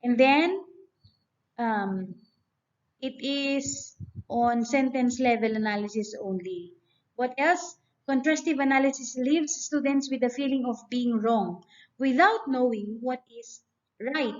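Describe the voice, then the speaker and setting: A woman's voice: sits high, slow pace. A woman giving a grammar lecture, explaining step by step and reading example sentences aloud. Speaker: teacher. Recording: dull lo-fi recording.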